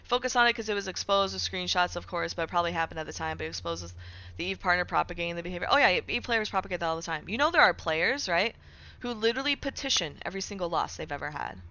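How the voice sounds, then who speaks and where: A young woman streams casually, reading and responding to her chat while sprinkling in "right?" and sarcastic asides. Her fairly low voice is animated, quick, pushed and bright. The audio sounds dull.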